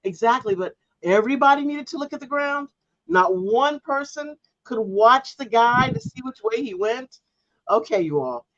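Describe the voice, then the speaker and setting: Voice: mid-range voice, animated, normal speed, fairly bright tone, no room sound, lo-fi sound. A podcast co-host in casual chat, telling a story and arguing her point with emphatic disbelief.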